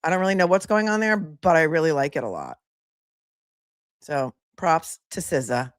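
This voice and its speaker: A woman's voice: sits low, lively intonation, moderate pace, no echo, studio quality. A woman attorney hosting a live commentary stream, chatty and sassy, laughing often as she talks to viewers.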